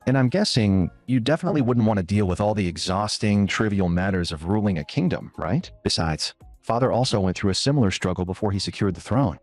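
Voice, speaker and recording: A man narrator voicing an earnest young princess in a recap story, raising his pitch. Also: a little mellow, dry recording, close to an everyday voice.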